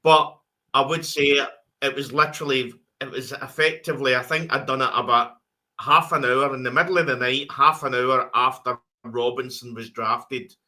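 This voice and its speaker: A man's voice: mid-range voice, steady tone, moderate pace, sharp tone. A Scottish man co-hosting a casual podcast chat, rambling through thoughts with lots of restarts and repeated words. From Scotland. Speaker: co-host.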